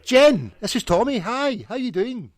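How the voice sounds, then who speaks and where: A man's voice: a little high, clean tone, no echo, studio quality, voice pushed up, natural voice. A man putting on a voice to play a giddy, overexcited party-planning man during a prank phone call. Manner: fast, breathless, overexcited.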